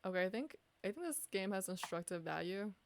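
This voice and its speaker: A woman's voice: medium pitch, animated, a little fast, no room sound. A woman chess streamer thinking aloud as she analyzes her games, asking herself questions and poking fun at her own mistakes. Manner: muses aloud, asks herself questions, self-deprecating.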